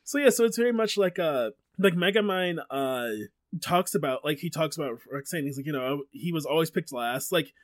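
A man's voice: a little high, normal speed, no echo. Chatty man retelling a movie. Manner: rambling, filler-heavy retelling with quoted lines. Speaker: podcast co-host. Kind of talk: casual chat.

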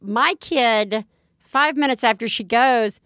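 A high-pitched woman in her thirties co-hosts a parenting podcast and tells family stories in a loose, chatty way, full of "like" fillers and quick laughs. She slips into voices for the people in her anecdotes. The recording is dry and close. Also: a bit bright, dry recording. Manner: chatty storyteller, many "like" fillers, laughs easily. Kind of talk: casual chat.

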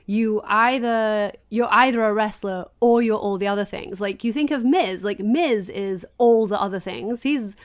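A woman co-hosting a casual podcast chat, quick and enthusiastic, often laughing. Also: medium pitch. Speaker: podcast co-host.

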